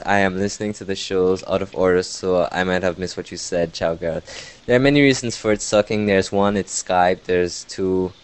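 A man with a fairly low voice hosts a casual podcast, reading out emails from listeners. He mumbles and jokes his way through them. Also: clean tone. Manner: mumbling, jokey, often laughing. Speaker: podcast host. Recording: lo-fi voice over internet call.

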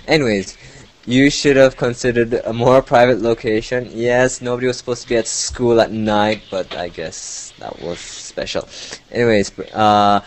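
A man with a fairly low voice hosts a casual podcast, reading out emails from listeners. He mumbles and jokes his way through them. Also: a little hiss or hum. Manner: mumbling, jokey, often laughing. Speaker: podcast host. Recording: lo-fi voice over internet call.

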